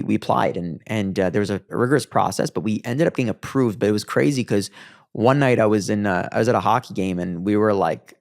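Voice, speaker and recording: A man from Quebec in his thirties, a guest entrepreneur telling a story in a casual interview. He talks in rapid run-on bursts and swears freely. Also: lowish voice, gravelly, a little mellow. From Quebec, Canada.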